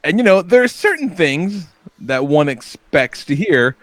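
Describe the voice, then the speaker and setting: A man's voice: on the high side, very animated, unhurried, a bit bright, no room sound. A man in his thirties co-hosting a podcast, telling stories in a laid-back way, swearing freely and chuckling often. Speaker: podcast co-host. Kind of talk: casual podcast banter.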